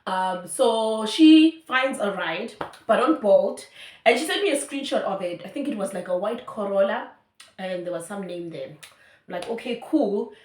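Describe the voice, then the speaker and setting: A young South African woman telling a story in a chatty, animated way, full of fillers. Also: medium pitch, normal speed, reverberant. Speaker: YouTuber. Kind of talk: storytime vlog.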